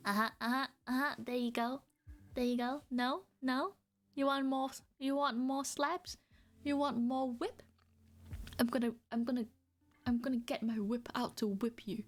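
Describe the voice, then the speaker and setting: A woman's voice: high voice, fairly even intonation, normal speed. A woman streamer chatting casually and playfully with her viewers, teasing and often giggling. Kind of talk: casual live-stream chat.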